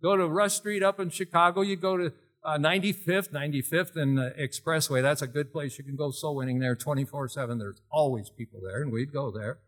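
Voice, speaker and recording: A man's voice: fairly high pitch, steady tone, brisk, hardly any pauses, a bit bright. A middle-aged man preaching a storytelling sermon in a folksy way, quizzing his congregation as he goes. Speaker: pastor.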